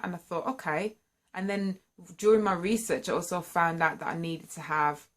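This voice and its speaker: A woman telling her own story to camera, candid and earnest, and lively when excited. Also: low-pitched. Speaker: singer sharing a personal story. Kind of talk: candid personal vlog storytelling.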